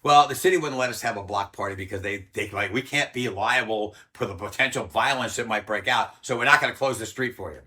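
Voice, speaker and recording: Older man, interview guest, blunt and profane storyteller, bright forceful voice. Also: lowish voice, a little fast, few pauses. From United States. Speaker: interview guest, former Army Ranger.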